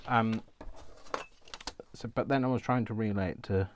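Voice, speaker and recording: A man's voice: fairly low pitch, steady tone, normal speed, noisy background. A man vlogging while he does crafts, talking to himself by name in a giggly, rambling way. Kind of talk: casual talk while crafting.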